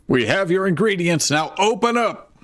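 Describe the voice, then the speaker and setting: A man doing an eager, shouty cartoonish pet hero. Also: sits high, expressive, normal speed, voice pushed up. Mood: excited. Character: excitable, shouty young male Neopet hero. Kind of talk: live fan fiction reading.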